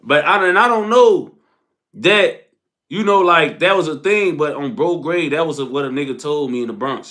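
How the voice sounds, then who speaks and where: A young man telling a casual, profane storytime, animated and full of street slang, laughing and acting out what people said. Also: a little high, normal speed.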